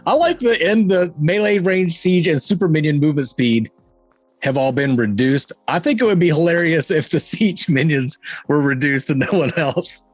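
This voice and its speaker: A man's voice: fairly high pitch, expressive, normal speed, no echo, soft background music. A man on a gaming panel chatting casually, joking, laughing through his lines and swearing. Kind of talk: casual livestream chat.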